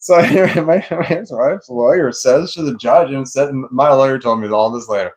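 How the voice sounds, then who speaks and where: A man's voice: mid-range voice, brisk, a little mellow. A middle-aged man casually telling a long personal story, rambling, swearing freely and laughing often. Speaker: vlogger.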